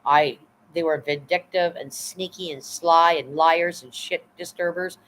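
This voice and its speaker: A woman's voice: low voice, steady tone, measured pace, a bit bright, slight background noise, low-quality recording. A woman hosting her live stream in casual chat, blunt and profane, rambling as she reads and answers her chat. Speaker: livestream host.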